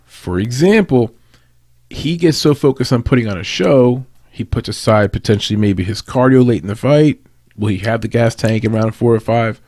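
A man talks through a fight breakdown in an easy, conversational way, drifting into tangents and restarting phrases. His voice sits at an ordinary middle pitch. The sound is dry and close, with no room around it. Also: moderate pace, darkish tone, dry recording. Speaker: fight analyst.

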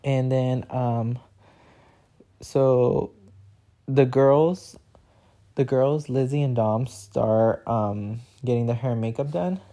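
Young man, casual vlog storytelling, filler-heavy, chatty, animated quoting. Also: takes it slowly, pauses often. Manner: chatty, heavy on filler "like", acts out quotes in a higher voice. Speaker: vlogger.

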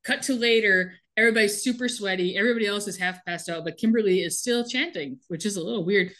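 A woman's voice: mid-range voice, quick pace, fairly bright tone. A woman co-hosting a podcast, animatedly retelling a TV episode in casual chat and laughing often. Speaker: podcast co-host recapping a TV show.

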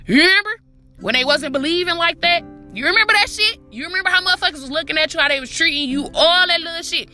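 A woman with a high, bright voice delivers a motivational podcast monologue, preachy and full of profanity. She talks straight to the listener and repeats herself for emphasis. Soft music plays faintly behind her. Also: fast. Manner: repetitive, emphatic street talk. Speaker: podcast host.

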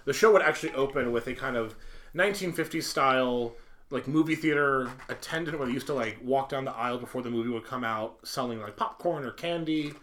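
A man's voice: mid-range voice, fairly quick, fairly bright tone. A man co-hosting a casual podcast chat about a film, laughing often, with lots of ums and uhs. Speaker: podcast co-host.

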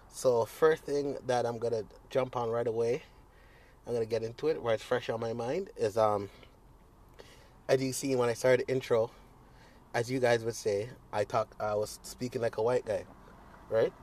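A man's voice: mid-range voice, steady tone, moderate pace, a little mellow. A young man talks straight into his own podcast with no script. He rambles, swears freely and restarts his sentences, filling the gaps with "you know what I'm saying". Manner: rambling, profane, full of fillers and restarts. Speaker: podcast host. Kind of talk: casual solo podcast monologue.

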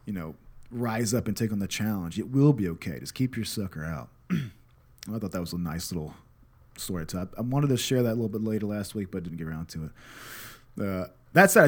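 A man's voice: lowish voice, animated, fairly quick. A man in his thirties, a father and podcast host, telling a casual story in a candid, swearing, self-deprecating way that turns reflective.

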